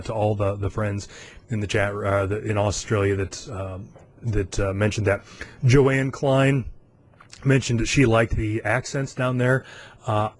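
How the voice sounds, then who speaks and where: A man's voice: mid-range voice, a little hiss or hum. A man in his forties from the United States, hosting a podcast in a casual, self-amused chat with frequent fillers and chuckles. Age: 40s. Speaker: podcast host.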